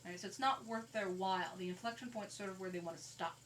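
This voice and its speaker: Recorded from a distance with poor audio, a woman delivers a classroom math lecture, casually explaining each calculator step. Her voice is medium-pitched and a bit bright, and she talks at a quick pace. A faint hiss sits under her slightly off-mic voice.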